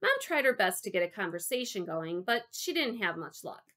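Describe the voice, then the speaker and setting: Female storybook narrator, wry first-person read, animated pitch. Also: normal speed. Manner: wry, dropping to a quiet aside. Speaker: audiobook narrator.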